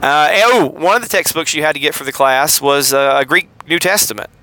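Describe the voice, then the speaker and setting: Bright Southern-accented man explaining casually. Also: on the high side, brisk, low-quality recording. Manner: rambling, self-correcting, with many fillers. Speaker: podcast host. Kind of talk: casual teaching monologue.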